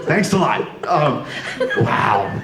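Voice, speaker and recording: A man's voice: on the high side, very animated, slow. A man moderating a live convention panel, nervous and gushing, laughing often. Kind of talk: excited live panel hosting. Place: convention hall stage. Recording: roomy hall with noise.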